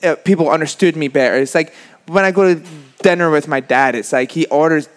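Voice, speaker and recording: A man's voice: a little high, fairly quick. A man from Scotland with a Scottish accent, chatting easily as a podcast guest and laughing often. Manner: easygoing, laughs often, many fillers. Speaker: guest, motocross racer. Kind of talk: casual chat. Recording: roomy reverb.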